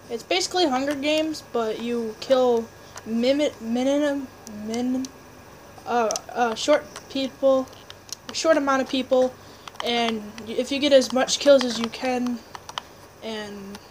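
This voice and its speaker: High-pitched excitable woman gaming. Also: slow, long pauses, a little hiss or hum, rough recording. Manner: rambling, excitable, trash-talking teammates; restarts and fillers, chatty. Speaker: gameplay commentator. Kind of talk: casual live game commentary.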